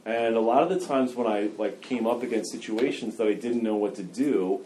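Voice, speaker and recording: A man's voice: mid-range voice, fairly quick, warm tone, slight background noise. A man candidly telling a story from his own life in a loose, conversational way, with self-mocking humor and lots of filler words. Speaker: person sharing his recovery story.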